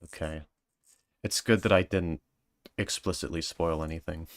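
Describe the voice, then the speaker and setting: A man's voice: low-pitched, fairly even intonation, normal speed, no echo, clean studio sound. A man streaming and reading viewer comments in a joking, self-mocking casual chat.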